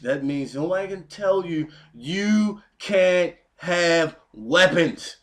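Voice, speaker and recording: A man's voice: on the high side, expressive, takes it slowly. A man vlogging to his viewers in a heated, preachy rant, hammering his points by repeating them. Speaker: YouTube vlogger. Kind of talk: emphatic home video rant.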